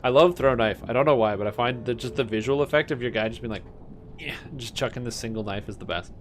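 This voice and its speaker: A young man streaming a game, chatting casually with amused, excitable bursts. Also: medium pitch, fast talker, a little hiss or hum. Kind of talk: casual gameplay commentary.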